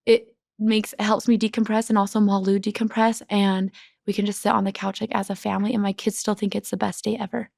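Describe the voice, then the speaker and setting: A young woman guest talks in a loose, chatty way, full of "like," and lifts her voice whenever she quotes her kids. Her voice has a gravelly, fried edge. The sound is close and dry, with no room around it. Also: medium pitch, fairly quick, no echo. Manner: chatty, peppered with "like"; animated when quoting her kids. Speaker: podcast guest. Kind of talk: casual chat.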